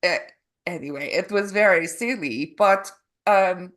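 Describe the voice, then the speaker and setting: A woman who interviews her guest in a halting way, searching for words and restarting her phrases. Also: on the low side. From Canada. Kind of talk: casual interview.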